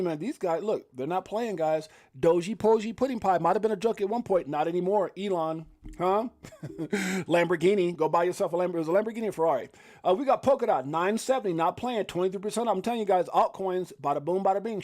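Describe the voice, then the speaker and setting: A man hosting a casual live crypto stream, hyped and rambling, shouting out viewers and reading prices with laughs. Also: fairly high pitch. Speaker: livestream host.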